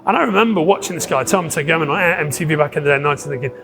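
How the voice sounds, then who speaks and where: A man telling a long story in a casual podcast chat, animated, laughing often and swearing, with many restarts. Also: a little high, rapid-fire, vocal fry. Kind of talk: casual anecdote.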